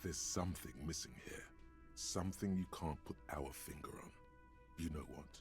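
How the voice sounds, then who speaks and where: Fields: brooding inner voice. Pitch: extremely deep. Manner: musing. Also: male voice, normal speed, slightly rough, soft background music, full character voice. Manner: low, musing, confiding. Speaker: game inner-voice narrator. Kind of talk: video game voice acting.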